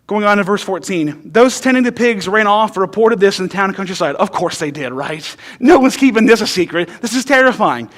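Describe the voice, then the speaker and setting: High-voiced pastor preaching casually. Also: male voice, a bit bright. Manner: conversational and humorous, often asks "right?"; emphatic storytelling. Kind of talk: sermon.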